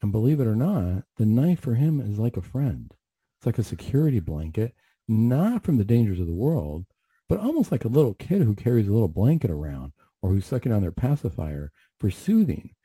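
Male radio storyteller, low and mellow, slightly husky, earnest and conversational, dry close sound. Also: very animated, a little fast, no echo. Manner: earnest, conversational, with frequent restarts.

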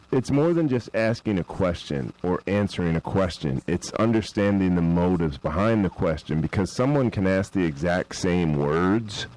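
Deep-voiced male host, relaxed. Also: rough recording. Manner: relaxed, rambling with fillers. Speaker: host introducing clips. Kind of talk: casual commentary.

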